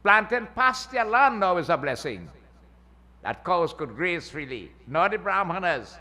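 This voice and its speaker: This man's voice is high-pitched and sing-song, a little slow, with a sharp tone. He's a pundit giving a folksy Hindu sermon in a temple hall, frequently asking the crowd "eh?", and the hall's long reverb is audible.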